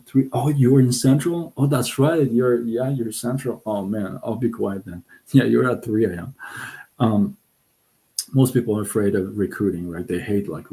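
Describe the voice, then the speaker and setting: A middle-aged man hosting a casual live stream, talking in an animated, excitable way with frequent restarts. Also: fairly low pitch, moderate pace, rough recording. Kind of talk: casual livestream talk. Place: Southern California.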